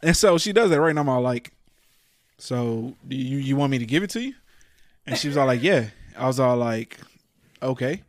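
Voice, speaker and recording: A man's voice: medium pitch, normal speed, no echo, clean studio sound. A man telling a story in casual chat, cursing freely, laughing often and acting out what other people said. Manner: profane, animated, acts out quoted people.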